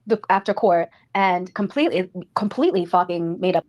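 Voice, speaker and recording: A woman's voice: fairly low pitch, animated, brisk, darkish tone. A woman content creator ranting on a livestream, swearing heavily. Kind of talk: livestream rant.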